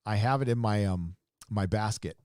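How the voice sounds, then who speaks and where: A man hosting a casual livestream, rambling through his points with frequent restarts and quick reactions to what he shows on screen. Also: lowish voice, a little mellow, smooth, no room sound, studio quality. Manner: rambling, restarts often, chuckles and reacts to images. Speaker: show host.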